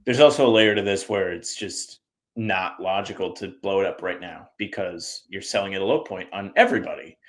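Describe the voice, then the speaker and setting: A man from the US Northeast, co-hosting a sports podcast in casual chat, animated and acting out the people he quotes. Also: deep voice, a little fast. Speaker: podcast co-host.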